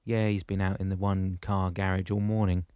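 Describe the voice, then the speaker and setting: A man's voice: low voice, level tone, fairly quick, dark tone, smooth, no echo, close to an everyday voice. A man reading an audiobook voices a battered, wisecracking brother in a teasing, wry manner close to his own voice.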